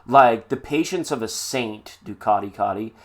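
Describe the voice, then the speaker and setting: A man's voice: fairly low pitch, moderate pace. A man doing a live-stream tarot reading in a chatty, playful way with sing-song asides. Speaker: tarot reader.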